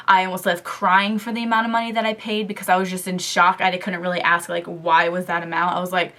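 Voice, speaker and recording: Young woman, beauty vlogger, casual chatty storytelling, filler-heavy, animated, camera mic. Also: fairly low pitch, fast, hardly any pauses. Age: young adult. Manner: chatty, lots of "like" and "um"; animated storytelling, quoting others.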